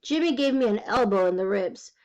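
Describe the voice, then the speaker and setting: A woman reading a children's book aloud, telling it in a lively, wry first-person voice. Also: fairly high pitch, fairly quick, muffled recording. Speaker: reader. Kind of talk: storybook read-aloud.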